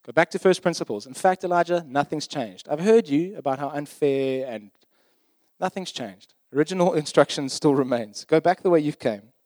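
A man's voice: fairly high pitch, normal speed, a little mellow, no echo, close to an everyday voice. A man voicing God as a patient, close presence talking casually to a weary prophet, in his own plain speaking voice. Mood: offhand. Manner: casual, paraphrasing in plain modern speech.

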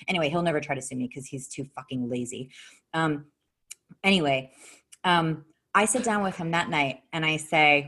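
A woman telling a personal story in casual talk, blunt and profane, her voice jumping sharply in pitch. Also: slightly rough. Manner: animated, with sharp jumps in pitch.

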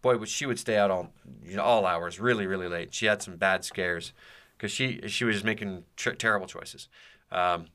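A man's voice: low-pitched, moderate pace, pushed and bright. A man hosting a podcast, telling a personal story in a casual, rambling way with many fillers and restarts. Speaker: podcast host.

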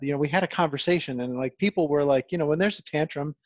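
A man's voice: a little high, quick pace, dry recording. A man hosting a podcast in casual chat, rambling and self-deprecating, with frequent restarts. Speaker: podcast host. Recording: dull, dry lo-fi sound.

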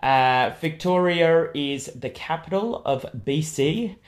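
A man's voice: a little high, takes it slowly. A man in casual podcast chat, recommending places to eat with enthusiasm and plenty of ums and uhs.

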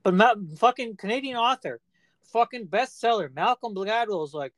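A man with a fairly high voice chats casually as a podcast co-host, heated, profane and animated. The sound is dry and close, with no room around it. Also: normal speed, no room sound. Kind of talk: casual chat.

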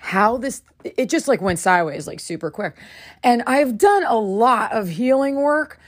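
Animated woman podcast host telling a story. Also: fairly high pitch. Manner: animated, acts out dialogue with quick bursts. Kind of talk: casual storytelling monologue.

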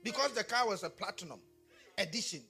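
Pastor guy preaching, really high bright voice, kinda husky, soft music behind. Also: expressive, a little fast. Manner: chatty storytelling, searching for words. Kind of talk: sermon.

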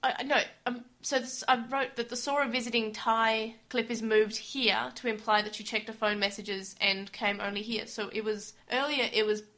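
Bright-voiced chatty woman. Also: on the high side, fairly even intonation, normal speed, hardly any pauses. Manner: chatty, recapping with many "like" fillers. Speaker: podcast co-host. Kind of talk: casual chat comparing anime versions.

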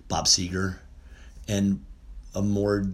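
A man's voice: lowish voice, level tone, takes it slowly. A middle-aged man talking casually and at length, rambling with frequent "uh" fillers and restarts. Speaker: music fan reminiscing. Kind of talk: casual monologue.

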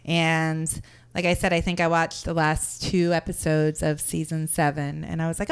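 A woman's voice: low-pitched, little pitch movement, normal speed, clear, resonant tone. Wry woman on a podcast. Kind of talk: casual chat.

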